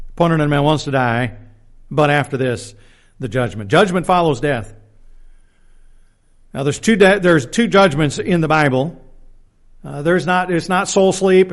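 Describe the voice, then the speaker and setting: Man teaching scripture from the pulpit. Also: fairly high pitch. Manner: reads scripture aloud, plain-spoken, self-deprecating asides; restarts and repeats words often. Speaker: preacher. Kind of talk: Bible teaching sermon.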